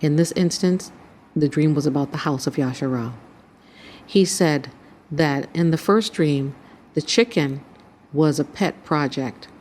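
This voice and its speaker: A woman's voice: low voice, a little slow, a little mellow, a little hiss or hum. A woman hosting her channel, earnestly recounting a dream as spiritual testimony and acting out the voices in it. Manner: earnest storytelling, acts out quoted voices.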